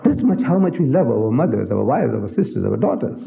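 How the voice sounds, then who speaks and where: A man's voice: medium pitch, very animated, brisk, vocal fry. An older man giving a public religious lecture, emphatic and theatrical, firing rhetorical questions at the audience. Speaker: Islamic lecturer. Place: lecture hall. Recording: echoey hall, tinny old recording.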